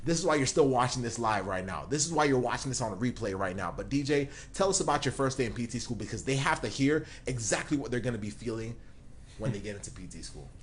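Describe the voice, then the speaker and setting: A man's voice: mid-range voice, animated, fast talker, a little hiss or hum. A man hosting a mentorship live stream, giving an emphatic pep talk straight to his viewers.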